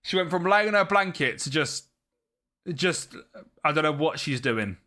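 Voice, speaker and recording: Streaming a football management game, a man commentates live and talks with his viewers at a moderate pace, his voice on the high side. He grows excitable and shouts at the match.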